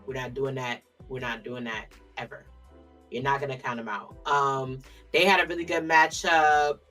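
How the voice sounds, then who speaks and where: Woman, podcast co-host, casual slangy chat, low pitch, faint music behind. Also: steady tone, moderate pace, fairly bright tone, recorded from a distance. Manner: chatty, emphatic, slangy asides. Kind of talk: casual wrestling recap chat.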